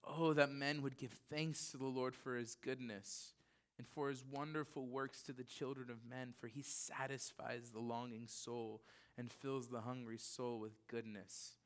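A man's voice: medium pitch, flat delivery, unhurried. A man in his thirties, a pastor, preaching a conversational sermon that moves from casual asides to earnest emphasis.

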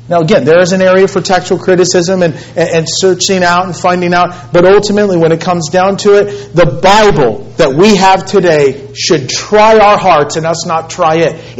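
A pastor in his thirties preaching a sermon, swinging between loud, emphatic pleading and low, hushed tones. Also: steady tone, moderate pace, few pauses. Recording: muffled lo-fi sermon recording.

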